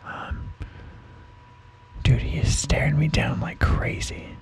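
A man's voice: takes it slowly, poor audio. A man doing a whispered ASMR segment, rambling and self-mocking. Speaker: podcast co-host.

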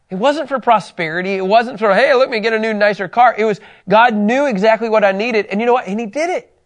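A man teaching a Bible study lesson in a conversational, animated way, telling personal stories. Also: high-pitched.

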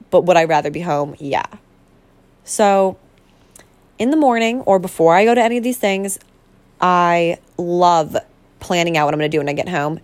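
A young woman hosting a casual solo podcast, rambling and bubbly, full of fillers and self-corrections. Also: fairly low pitch. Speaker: podcast host.

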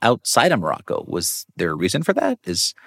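A man's voice: deep voice, wildly swooping pitch, brisk, gravelly, fairly bright tone. A man hosting an interview, asking questions in a friendly, curious, joking way. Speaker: podcast host. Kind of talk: casual interview conversation.

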